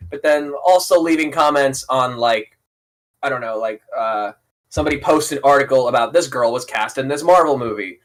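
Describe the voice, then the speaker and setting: A man's voice: medium pitch, normal speed. A man co-hosting a podcast in casual chat, rambling with lots of fillers and frequent laughs. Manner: rambling, full of "like" and "you know", laughs often. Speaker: podcast co-host.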